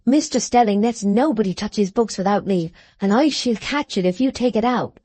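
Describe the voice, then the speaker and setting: A woman's voice: mid-range voice, normal speed, dark tone, dry recording, natural voice. A woman reading the part of a boastful, teasing young boy in an audiobook, speaking with a superior air.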